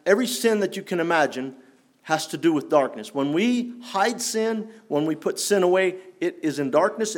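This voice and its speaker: A man preaching a sermon in an earnest, challenging way, rising for emphasis and dropping low. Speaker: pastor.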